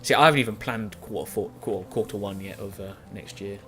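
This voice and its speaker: A man's voice: on the low side, quick pace, bright, forceful tone. Young man, casual let's-play chatter, rambling and self-correcting, faint game music underneath. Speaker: gaming YouTuber.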